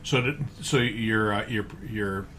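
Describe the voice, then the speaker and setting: Male podcast host, lowish voice, relaxed halting questions, porch with faint mower noise. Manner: easygoing, asks questions with many restarts. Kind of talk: casual interview. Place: front porch. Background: lawn mower across the street.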